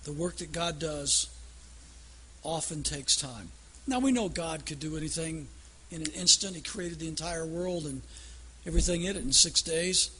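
A man's voice: on the high side, moderate pace, sharp tone, a little hiss or hum. A man preaching a sermon in a folksy storytelling way that builds to emphatic declarations.

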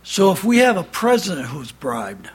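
A man preaching a fiery sermon, emphatic and loud, sometimes dropping to a low intense tone. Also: huge pitch swings, normal speed, breathy edge. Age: has adult son.

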